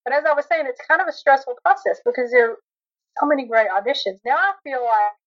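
A woman's voice: high-pitched, fast talker. Eager Texan woman author, lo-fi sound. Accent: Texas. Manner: eager, talkative, with many restarts. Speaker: guest author. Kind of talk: casual podcast interview. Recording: dull lo-fi audio.

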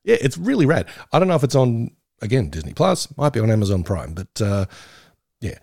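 A man's voice: mid-range voice, sing-song, brisk, creaky, a little mellow, no echo, clean studio sound. A middle-aged man co-hosting a podcast, rambling in a nostalgic, enthusiastic way with giggles. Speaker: podcast co-host. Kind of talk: casual chat.

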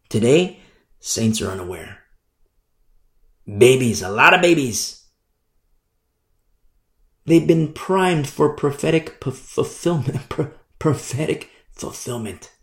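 A man preaches a sermon at an unhurried pace, hammering on repeated phrases. His voice rises on key words and then sinks low and quiet. The sound rings with the echo of the room. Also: very animated, gravelly. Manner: emphatic, repeats phrases with rising then dropping voice.

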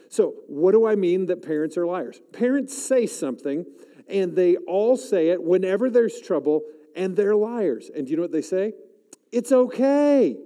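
A man in his forties preaches a chapel sermon in a mellow, fairly high voice. He pushes up loud on emphatic lines and drops low and quiet to pray, calling out to the audience for responses. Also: in a large hall. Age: 40s. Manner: animated, rising loud for emphasis, dropping soft to pray; calls out to the audience. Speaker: chapel speaker.

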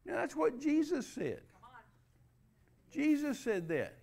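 A man's voice: very high-pitched, very animated, takes it slowly, gravelly, a little mellow. A man preaching a sermon, emphatic and repetitive, spelling out key words letter by letter.

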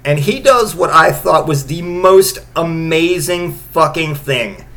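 A man's voice: fairly high pitch, expressive, slow, fairly bright tone. A man in his late thirties, a podcast host telling a story in a rambling, profane, sarcastic way. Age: late 30s. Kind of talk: casual comedic storytelling.

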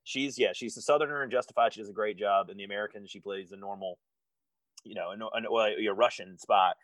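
An earnest man on a casual podcast lays out his complaints about a film's performances. His tone is steady and critical, and it sometimes drops quite low. The sound is dry and close. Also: fairly quick, no room sound. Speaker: podcast co-host. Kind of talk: casual movie review chat.

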